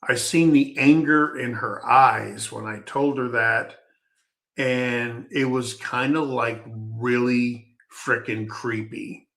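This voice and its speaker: A man's voice: mid-range voice, fairly even intonation, slow pace, creaky, a bit bright. A man telling a personal story in a casual, rambling, folksy way, often stopping to restart his sentences.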